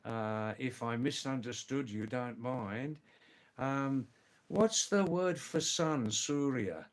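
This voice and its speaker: Man, live-stream host, mid-pitched, seated, chatty with his viewers. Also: slow pace. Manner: greets viewers by name, repeats exclamations. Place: seated indoors.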